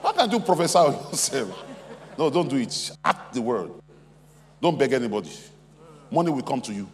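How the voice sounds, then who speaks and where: Here the pastor's medium-pitched voice moves through big pitch swings at a normal speed as he preaches emphatically and repetitively, calling for the congregation's response. He's in a large convention hall, captured with reverberant hall sound and a faint hum.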